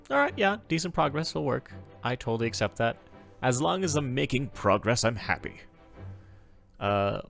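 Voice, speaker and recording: A man streaming a travel game, reading its text aloud and chatting casually, in an animated, self-correcting way. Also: medium pitch, creaky.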